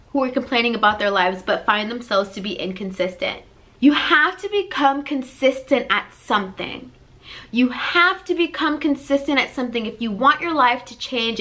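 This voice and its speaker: Her voice is fairly high and sharp-toned as this life coach addresses the camera on her own channel. The talk is blunt tough love, packed with energy and repetition, in a motivational vlog format.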